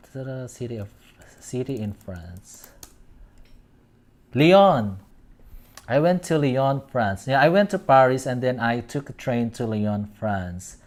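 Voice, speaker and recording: A man hosting a casual fan commentary show, reading out posts and rambling, often stopping to search for words. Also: medium pitch. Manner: meandering, searching for words aloud. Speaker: host.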